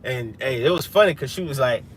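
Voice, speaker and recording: With slight background noise behind him, a man preaches to his livestream audience from inside a vehicle. He speaks briskly at a medium pitch, expressive and emphatic in a casual way, filling his lines with "man" and "hey."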